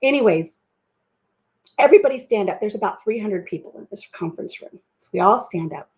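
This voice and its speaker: A woman's voice: medium pitch, animated, fairly quick, husky. A middle-aged woman hosting a casual live stream at home over coffee, rambling from one tangent to the next. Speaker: livestream host. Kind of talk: casual chat.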